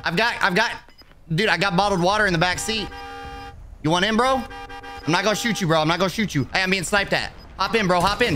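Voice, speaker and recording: A man streaming a video game, talking excitedly in voice chat and often yelling and pleading. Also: sits high, fast, faint music behind. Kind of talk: gameplay commentary in voice chat. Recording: game sounds and chatter behind the voice.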